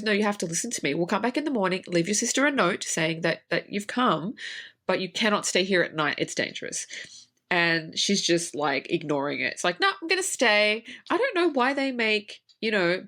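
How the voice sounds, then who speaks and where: A woman's voice: mid-range voice, lively intonation, a little fast, a bit bright. A woman, a horror writer, co-hosting a podcast and ranting about a film, swearing heavily in casual chat. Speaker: podcast co-host. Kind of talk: casual movie review chat.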